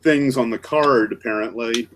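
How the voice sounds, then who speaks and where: A man's voice: medium pitch, fairly bright tone, slight background noise. A man on a video call talking about his drawing. He hesitates often, restarting his sentences with lots of "uh"s. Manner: halting, with many restarts and "uh"s. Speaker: artist in an online drawing group. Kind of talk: casual chat while drawing. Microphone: video call mic.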